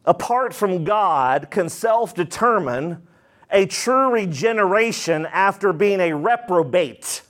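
A man pastor preaching a sermon, acting out prayers with dramatic rises and drops in his voice. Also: sits high.

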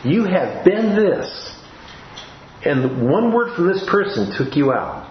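A man's voice: high voice, big pitch swings, slow pace, slight background noise. A man preaching a sermon in a church, earnest and given to restarts and repeated words. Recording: roomy, dull-sounding recording.

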